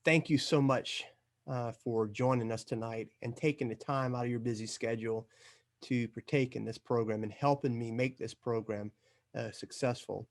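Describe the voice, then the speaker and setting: A man's voice: medium pitch, fairly even intonation, moderate pace. Male host, formal and earnest, wrapping up an interview. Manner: formal, earnest, hesitant with fillers. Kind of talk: interview wrap-up.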